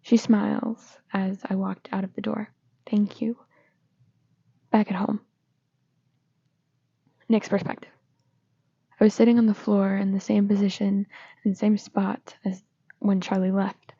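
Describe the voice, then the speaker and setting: Woman with a gravelly, mellow reading voice. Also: medium pitch, unhurried, long pauses, no echo. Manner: steady, plain reading with small slips and restarts. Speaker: fanfiction reader. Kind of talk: reading fanfiction aloud. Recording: slightly dull lo-fi recording.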